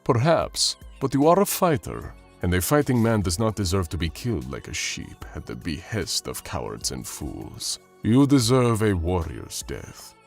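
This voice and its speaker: A man voicing a menacing male barbarian swordsman who speaks with slow, measured menace. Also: low-pitched, huge pitch swings, vocal fry, faint music behind, exaggerated voice.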